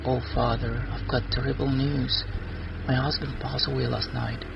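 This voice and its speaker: A man's voice: medium pitch, little pitch movement, moderate pace, vocal fry, recorded from a distance, dull audio, noisy background, pitched above the performer's own voice. Grieving woman parishioner, read by a man. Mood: sad.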